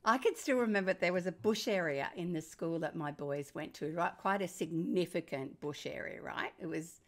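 An older woman with an Australian accent, speaking as a guest in a podcast conversation, telling stories with lively emphasis. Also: fairly low pitch, moderate pace. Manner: animated, emphatic storyteller. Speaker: parenting author and guest.

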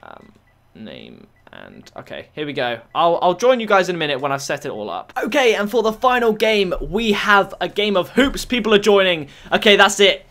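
A young man giving chatty, excitable live commentary over his own gameplay. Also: sits high, normal speed. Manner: excitable, chatty, bursts into shouts and laughs. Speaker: gaming YouTuber.

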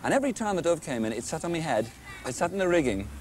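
A chatty older man rattling off a memory at speed, his voice lively and a little high. Faint street and traffic noise sits behind him outdoors. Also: very fast. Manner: chatty, enthusiastic. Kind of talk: casual reminiscing.

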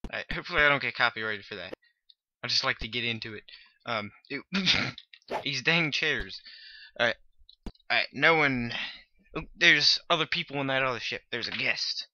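A man's voice: mid-range voice, animated, moderate pace, no echo. A man giving casual game commentary, humming dramatic dun-dun tunes while he plays. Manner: hums dramatic dun-dun music while playing. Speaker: gaming video host. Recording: lo-fi with loud background noise.

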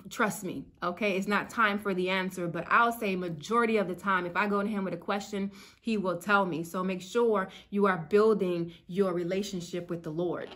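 A woman's voice: medium pitch, a bit bright. A woman in the middle of her range gives an informal faith lesson straight to her viewers. She talks in an earnest, chatty way with casual slang, and her voice climbs when she gets worked up. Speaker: spiritual YouTuber. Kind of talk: casual faith teaching to camera.

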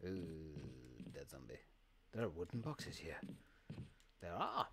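A man's voice: a bass voice, sing-song, slow pace, background noise. A man chatting while streaming a game, rambling, swearing and laughing often as he thanks viewers. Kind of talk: live gameplay stream chat.

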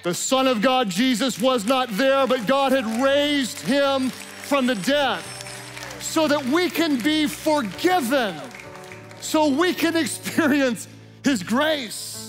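High-voiced preacher with a soft music bed. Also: male voice. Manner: swings between loud emphatic declarations and hushed intimate tones. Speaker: pastor. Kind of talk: sermon.

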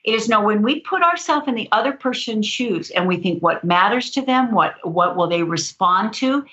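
Woman guest author, lively storyteller, mid pitch, muffled lo-fi audio. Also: moderate pace. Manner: animated storyteller, laughs often. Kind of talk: storytelling interview. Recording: dull lo-fi audio.

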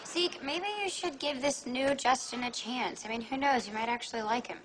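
A woman's voice: high voice, normal speed, close to an everyday voice. An actress playing a sarcastic teenage girl in a sitcom, dry and cutting. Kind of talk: sitcom acting. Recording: noisy TV soundtrack.

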